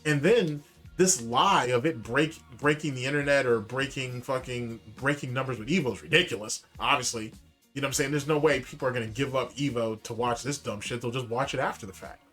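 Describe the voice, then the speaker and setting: A man's voice: mid-range voice, brisk, a bit bright. Casual man commenting over faint music. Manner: casual, dismissive, loose slang. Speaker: show host. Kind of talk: commentary on a clip.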